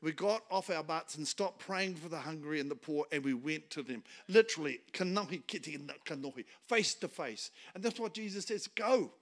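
A middle-aged man with a New Zealand accent preaches as a guest speaker. His voice sits high and sounds bright and forceful. He keeps the tone light and joking and laughs at his own punchlines. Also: normal speed, hardly any pauses. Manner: humorous, animated, laughs at his own jokes. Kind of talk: storytelling sermon.

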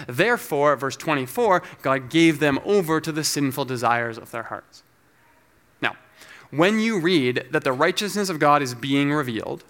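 A man preaching a teaching sermon, explaining scripture in a measured, scholarly way. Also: medium pitch, fairly bright tone. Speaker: pastor.

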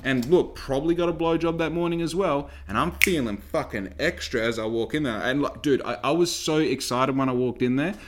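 A young man with an Australian accent tells a long, rambling story. He swears freely and speaks in an animated way. His voice sits at a mid pitch. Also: a little fast, hardly any pauses, a little hiss or hum. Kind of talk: casual storytelling.

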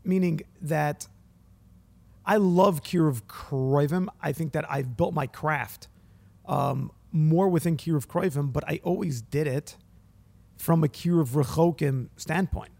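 A man's voice: a little high, unhurried, vocal fry, darkish tone. A man speaking as a guest in a casual podcast conversation, thoughtful and a little hesitant, with many ums.

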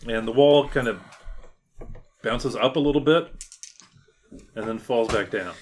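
Game master, man, mid-pitched, unhurried and hesitant, faint hiss behind. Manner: hesitant, filler-heavy scene description. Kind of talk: narrating a tabletop game.

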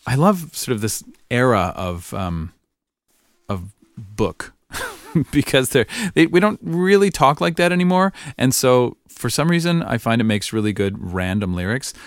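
A man's voice: mid-range voice, lively intonation, a little slow, no room sound, clean studio sound. Thoughtful male ukulele teacher, musing aloud. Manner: musing, thinks aloud with fillers, hums and sings snippets. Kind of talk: relaxed demonstration lesson.

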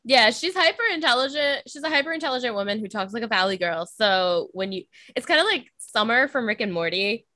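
Bright-voiced woman chatting, dry sound. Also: fairly high pitch, expressive, fairly quick, hardly any pauses, no room sound. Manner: chatty, peppered with "like", laughs often. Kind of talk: casual chat.

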